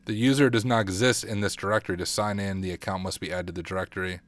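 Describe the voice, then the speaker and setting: Male streamer, lowish voice, mutters and thinks aloud through a live lab, keyboard clatter behind. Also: steady tone, quick pace. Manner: thinks aloud, self-deprecating, mutters while typing. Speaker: cybersecurity streamer. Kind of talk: casual livestream walkthrough.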